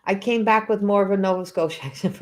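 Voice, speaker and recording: A woman's voice: medium pitch, brisk. Chatty Newfoundland woman, rambling. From Newfoundland, Canada. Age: middle-aged. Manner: chatty, meandering, many restarts and laughs. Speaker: psychic medium hosting a livestream. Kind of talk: casual rambling livestream talk.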